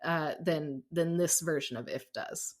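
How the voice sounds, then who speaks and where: A woman's voice: low-pitched, unhurried. Upbeat woman podcast co-host from Arizona. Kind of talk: casual chat.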